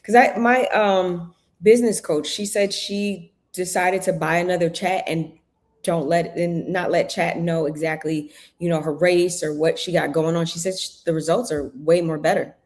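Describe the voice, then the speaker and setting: A woman's voice: on the low side, steady tone, moderate pace, a little mellow. A woman guest on a live stream, talking in a loose, chatty way with many fillers. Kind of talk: casual chat.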